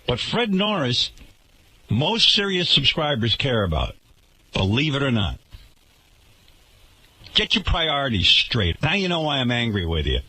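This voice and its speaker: A man's voice: medium pitch, very animated, a little slow, long pauses, sharp tone, dry recording. A man hosting a radio talk show, ranting indignantly and sarcastically.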